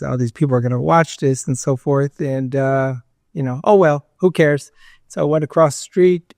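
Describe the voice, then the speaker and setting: A man's voice: a little high, creaky, warm tone, no room sound, clean studio sound. A man being interviewed, telling a story casually in a rambling way, with lots of fillers and acted-out quotes. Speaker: interview guest.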